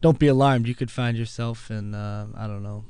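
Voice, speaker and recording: A man's voice: medium pitch, steady tone, moderate pace, dark tone, clear, resonant tone, no echo. A man hosting a show in a casual, rambling monologue full of fillers and asides. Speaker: host.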